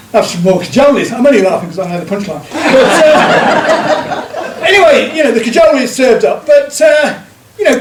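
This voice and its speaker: A man's voice: extremely high pitch, noisy background. A man telling jokes to a live pub audience, rambling and chuckling at his own punchlines. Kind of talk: live stand-up joke telling. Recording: echoey room, distant mic.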